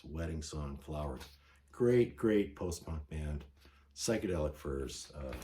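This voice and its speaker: A bass voice with a slightly mellow quality carries this casual vlog. The man, a vinyl record collector, rambles enthusiastically about his finds and keeps correcting himself as he goes.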